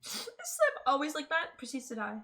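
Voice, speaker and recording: A woman's voice: sits high, wildly swooping pitch, brisk, bright, forceful tone. A woman streaming a game, chatting casually and playfully, laughing often. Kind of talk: casual gaming stream chat.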